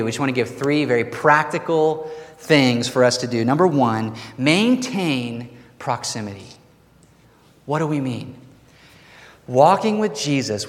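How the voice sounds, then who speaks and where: Rich: A man preaches a sermon in a relaxed, chatty style, tossing in playful asides as he works through his points. His voice sits at an ordinary middle pitch, and the long reverb of a large hall trails each phrase.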